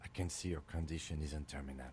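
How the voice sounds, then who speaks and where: An actor playing a calm, stern police lieutenant who speaks in a dry, clipped way. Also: male voice, very deep voice, fast talker, slightly rough, exaggerated voice.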